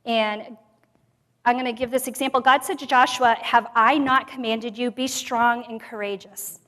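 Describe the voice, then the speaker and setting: A woman with a fairly high voice gives a sermon at a women's conference, mixing personal testimony with scripture. She drops to near-whispers and then rises to emphatic bursts. Her voice rings with the long reverb of a church sanctuary. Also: normal speed. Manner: expressive, swings from soft to loud. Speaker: conference speaker.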